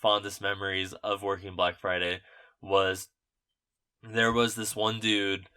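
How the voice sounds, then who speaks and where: A man's voice: fairly low pitch, level tone, measured pace, bright, forceful tone, clean tone. A young man chatting on a podcast, telling stories in a rambling way with lots of fillers and casual swearing. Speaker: podcast host. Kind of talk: casual chat.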